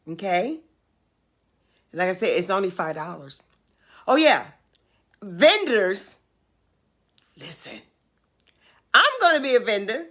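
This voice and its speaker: An older woman hosting a casual livestream, making emphatic, drawn-out announcements and urging viewers to come along. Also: medium pitch, very animated, a bit bright. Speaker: livestream host.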